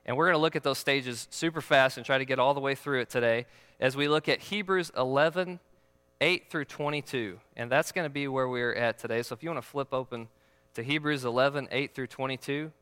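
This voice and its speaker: A man's voice: medium pitch, a little fast, sharp tone, clear, resonant tone, big-room sound. A man preaching a sermon as pastor, in a conversational, joking way that asks the audience questions.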